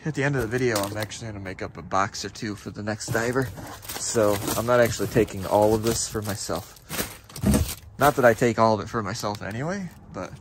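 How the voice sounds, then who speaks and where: A man vlogging as he sorts through a dumpster, talking casually to the camera in an excited voice that often drops to a half-whisper. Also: fairly low pitch, brisk. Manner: animated, exclaiming often, breaks into laughs. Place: outdoors at a store dumpster. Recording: loud background noise and clattering.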